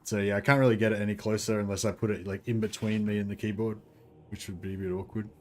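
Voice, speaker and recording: An Australian man streams a game from his home desk, his voice a little low and tired. He talks quietly and mumbles between thoughts, sounding sore and worn out. His microphone sits on a desk stand behind the keyboard. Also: little pitch movement, fast talker, a little hiss or hum. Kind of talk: casual livestream chat.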